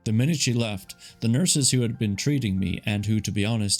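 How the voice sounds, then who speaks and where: A man's voice: fairly low pitch, a little slow, soft background music. A man narrating a novel live, casual, stopping to comment on and correct his own reading. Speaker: audiobook narrator. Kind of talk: live reading with chatty asides.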